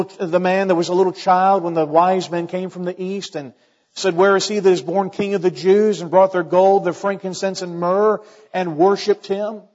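High-voiced preacher in an echoey hall. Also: male voice, dull audio. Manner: preaching with dramatic rises and hushed, low-voiced quotations. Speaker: pastor. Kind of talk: sermon.

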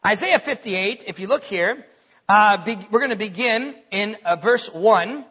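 A man preaching a sermon in a church on a stage microphone, animated and joking, asking the congregation questions. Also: high-pitched, measured pace, husky, muffled recording. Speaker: pastor.

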